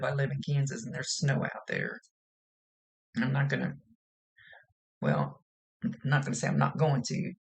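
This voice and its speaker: Woman psychic medium rambling through a reading, folksy and chatty, gravelly voice with a lot of fry. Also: a bass voice. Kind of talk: casual spoken mediumship reading.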